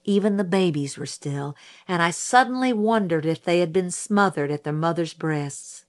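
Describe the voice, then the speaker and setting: A woman narrating a novel in an even, unhurried reading voice. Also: lowish voice. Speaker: audiobook narrator. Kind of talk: scripted narration.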